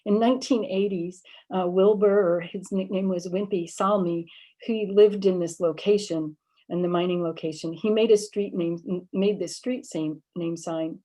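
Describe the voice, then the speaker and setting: A woman's voice: lowish voice, fairly even intonation, moderate pace, dark tone. A woman professor giving a recorded library lecture on dialect features, explaining patiently with many ums and small self-corrections. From Michigan. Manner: explanatory, frequent fillers, apologizes while losing place. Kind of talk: lecture with slides.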